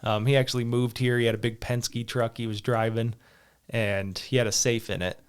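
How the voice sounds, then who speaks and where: Rambling, laughing podcast host. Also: male voice, mid-range voice, level tone, moderate pace, smooth. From Southern Utah. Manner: rambling storyteller, laughs often. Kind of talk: casual chat.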